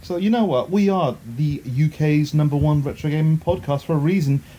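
Male podcast host, chatty, enthusiastic, slightly high voice, mellow, light hiss. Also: fairly quick. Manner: chatty, enthusiastic, laughs easily. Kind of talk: casual podcast chat.

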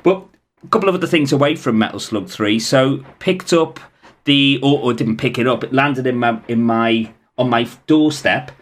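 A man's voice: medium pitch, normal speed. A man with a Scouse accent, co-hosting a podcast in casual, rambling chat. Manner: chatty, rambling with restarts. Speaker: podcast co-host.

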